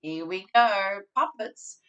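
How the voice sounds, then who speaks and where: A woman presenting a childcare training webinar in an animated, theatrical, chatty way. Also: medium pitch, slow, highs cut off.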